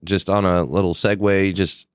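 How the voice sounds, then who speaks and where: A man's voice: deep voice, fairly even intonation, normal speed, clear, resonant tone, dry recording, studio quality. A man, co-hosting a podcast in casual, swearing storytelling chat. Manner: laid-back storytelling, swears freely. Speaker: podcast co-host.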